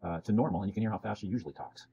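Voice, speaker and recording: A man's voice: on the low side, racing, vocal fry, warm tone. A man teacher explaining video features to students in a casual, chatty way, often checking in with "okay?". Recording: dull lo-fi sound with faint background noise.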